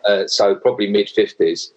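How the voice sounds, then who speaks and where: A man's voice: fairly low pitch, fairly even intonation, brisk, lo-fi sound. A man in his sixties from England, hosting a casual chat in an easygoing, jokey way. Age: 60s. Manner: easygoing, jokey, laughs along.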